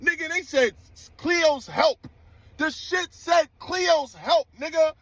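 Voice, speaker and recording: A man telling a tour story in loose, profane street slang, animated and indignant. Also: very high-pitched, slow, dry recording. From New York. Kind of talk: casual storytelling clip.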